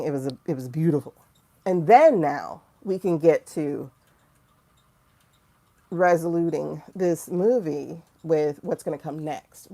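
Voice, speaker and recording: A woman hosting a livestream in casual talk, blunt and animated, laughing often. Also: deep voice, gravelly. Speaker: livestream host.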